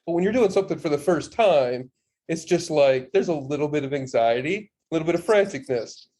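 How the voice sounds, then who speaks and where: A man co-hosting a casual podcast, telling a story in a relaxed, rambling way with restarts and casual swearing. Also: fairly high pitch, fairly quick. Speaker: podcast co-host.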